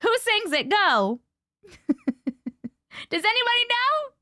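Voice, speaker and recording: Bright, animated woman livestream host. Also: very high voice, takes it slowly, no echo, clean studio sound. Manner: playful, laughs and coughs often. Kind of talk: casual live chat with viewers.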